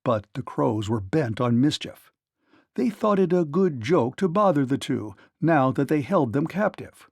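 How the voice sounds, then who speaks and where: Male narrator for a kids' read-along, gravelly and lively, dry close recording. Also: on the high side, a little slow, dry recording. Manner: animated storytelling. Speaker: storyteller.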